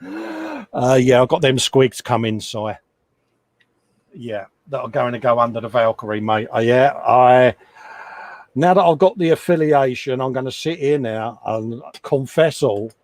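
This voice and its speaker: A man's voice: medium pitch, moderate pace, no room sound. A middle-aged man hosting a casual live chat from his hobby workshop, chatty and self-mocking, often laughing at himself. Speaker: livestream host. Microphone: desk microphone.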